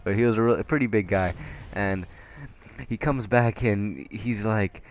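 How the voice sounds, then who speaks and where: A young man working at a fast-food restaurant, telling work stories in a casual rambling way with frequent chuckles. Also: on the low side, a little hiss or hum. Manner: rambling, laughing often, lots of fillers. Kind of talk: casual storytelling vlog.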